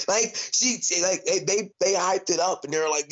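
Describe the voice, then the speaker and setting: A man's voice: sits high, measured pace, fairly bright tone. A young man, a fighter, talking in a casual interview. He is blunt and profane, fills his speech with "like", and often restarts his sentences. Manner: blunt and profane, heavy use of "like", frequent restarts. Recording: dull, lo-fi sound.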